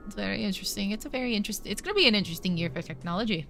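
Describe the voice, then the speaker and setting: Woman streamer, casual chatter to viewers, crisp bright tone, faint music under her. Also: mid-range voice, lively intonation, very fast. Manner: chatty, swears casually, thinks aloud.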